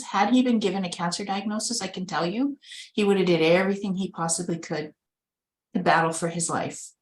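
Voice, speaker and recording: Woman from Canada, caregiver telling her story, conversational, slightly low voice, echoey room, video call. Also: a little fast, slight background noise. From Winnipeg, Manitoba, Canada. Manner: earnest and conversational, acting out remembered dialogue. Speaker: caregiver and organ donation advocate. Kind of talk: personal storytelling in a webinar.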